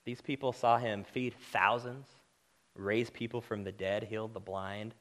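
A man preaching a sermon, impassioned and direct, building to loud emphatic peaks and then dropping to quiet, earnest lines. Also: on the low side, steady tone, measured pace.

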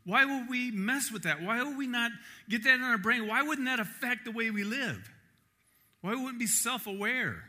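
A man preaching a sermon at a camp, emphatic and animated, asking the listeners rhetorical questions. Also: very high voice, moderate pace.

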